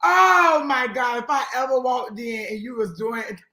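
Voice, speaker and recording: A woman guest in casual chat with a raspy voice, brash and swearing freely, laughing loudly. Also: fairly high pitch, lively intonation, normal speed.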